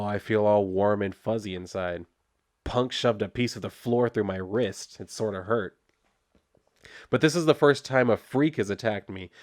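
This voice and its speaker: A man's voice: medium pitch, darkish tone, no room sound, studio quality, close to an everyday voice. A man reading the inner monologue of a sardonic cyborg frog hero, in a wry, musing manner.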